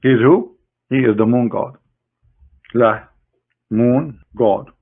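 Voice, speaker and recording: A man giving a combative screen-share lecture in mocking, halting English as an online debater. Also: medium pitch, gravelly. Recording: tinny phone-like online audio.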